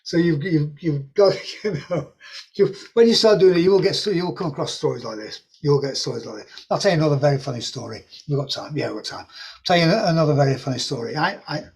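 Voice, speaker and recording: Male course presenter, raspy voice, slightly high, rambling storyteller. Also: quick pace. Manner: rambling, repeats words, animated anecdotes with laughs. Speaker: property investing course presenter. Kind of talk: anecdotal storytelling to an audience.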